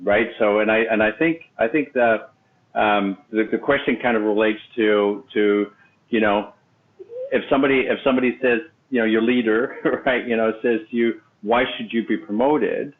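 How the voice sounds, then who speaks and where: A man hosting an interview as a leadership coach, talking in a halting way full of restarts and fillers. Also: fairly low pitch, steady tone. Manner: halting, many restarts and "you know"s. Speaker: podcast host and leadership coach. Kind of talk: casual interview talk. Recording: thin phone-like remote audio.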